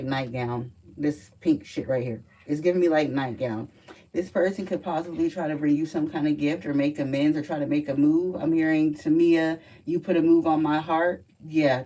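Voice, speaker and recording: A woman with a low, mellow voice does a relaxed live card reading, blunt and quick to curse as she talks. She sits a bit back from the mic, with a faint hum of room noise behind her. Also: recorded from a distance, rough recording. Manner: blunt, profane, chatty. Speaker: livestream card reader.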